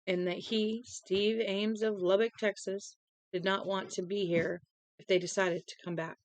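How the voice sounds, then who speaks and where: A woman's voice: mid-range voice, flat delivery, unhurried, no room sound, poor audio. A young woman reading a novel aloud to a live-stream audience, tired and yawning, chatty, with casual asides between passages. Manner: chatty, breaks off reading to talk to chat.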